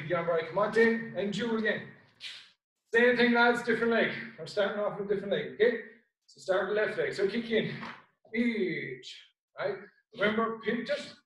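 An Irish man teaching a karate class over a video call, calling out commands and counts with brisk shouted cues. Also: sits high. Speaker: karate instructor. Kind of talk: online class instruction. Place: home room on video call. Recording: very echoey room, voice far from mic.

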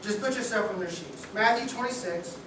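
A man delivers a sermon in a loose, joking, buddy-like manner. He is heard from well back in a very echoey church sanctuary, with a steady hum of room noise under him. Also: high voice, brisk. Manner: casual, joking, talks like a buddy. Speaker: preacher. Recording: echoey church hall from far off.

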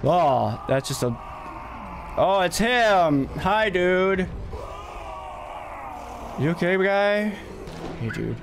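A man's voice: high-pitched, big pitch swings, extremely slow, vocal fry, long pauses, shouting, background noise. A man streaming a video game, tired and losing his voice, joking and laughing, with frick and freaking in place of swears. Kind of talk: casual live-stream commentary.

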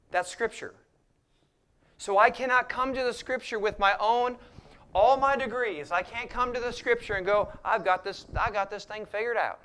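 A man preaching a sermon as pastor, dropping to hushed near-whispers and rising to loud emphatic passages, acting out the prayers and lines he quotes. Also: high-pitched, normal speed. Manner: acts out quoted voices and prayers.

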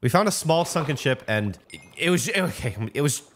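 A young man casually narrating his gameplay adventure as a lively storyteller with quick asides. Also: on the high side, husky. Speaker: video creator narrating gameplay.

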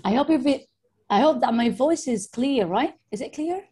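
A woman's voice: high voice, lively intonation, moderate pace, mellow, breathy edge, low-quality recording. A young woman, giving a casual slide presentation over a video call and often checking in with her listeners.

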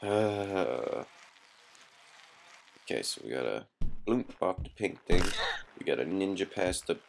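A man's voice: low-pitched, very animated, slow, gravelly, a little hiss or hum. A young man giving casual gameplay commentary, swearing constantly and yelping in frustration.

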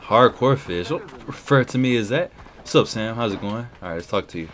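Excitable young gamer guy, lively voice. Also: fairly low pitch, fairly quick. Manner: excitable, yelling at the game. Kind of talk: let's play commentary. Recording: game music behind.

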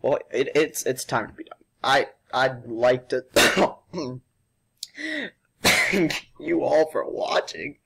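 A man's voice: medium pitch, slow, creaky, a bit bright, a little hiss or hum. A young male vlogger doing a sugar challenge, worn out and dramatic, coughing and complaining between words. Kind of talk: casual vlog.

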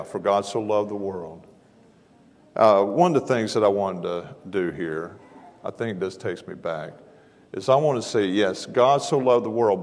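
A man preaching a sermon in a large church auditorium, folksy and self-deprecating in manner. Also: fairly low pitch. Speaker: guest preacher. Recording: long hall reverb.

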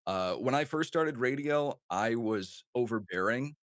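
A man's voice: mid-range voice, animated, unhurried, dry recording, studio quality. A man with a light Wisconsin accent, a guest on a casual podcast, telling stories in a rambling, self-deprecating way full of restarts. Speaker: podcast guest, former radio host. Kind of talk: casual chat.

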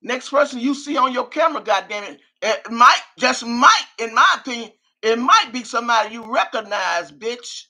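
With a fairly high, sharp-toned voice, an older woman streams live at a moderate pace with hardly any pauses, sounding animated. She reads out viewer comments before launching into an angry, profanity-laced rant.

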